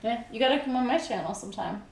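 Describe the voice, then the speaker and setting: A woman's voice: on the high side, lively intonation, very fast, echoey room, recorded from a distance. A woman guest in a casual beer tasting chat, descriptive and giggly.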